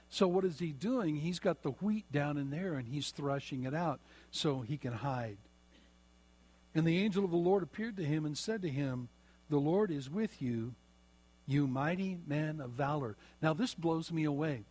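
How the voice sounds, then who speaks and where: A middle-aged man preaching a sermon, slowing down and repeating phrases for emphasis. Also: on the high side, darkish tone. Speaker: pastor.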